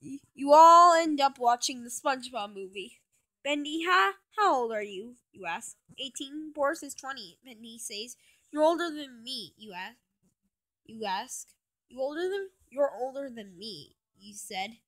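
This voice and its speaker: Young woman, high pitched, amateur story reading, frequent restarts. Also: animated, unhurried, a bit bright. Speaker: fan fiction reader. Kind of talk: reading a fan story aloud.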